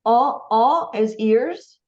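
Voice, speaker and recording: A woman's voice: fairly high pitch, drawn-out words, a little mellow. Woman student on a dull call line. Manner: curious, hesitant learner.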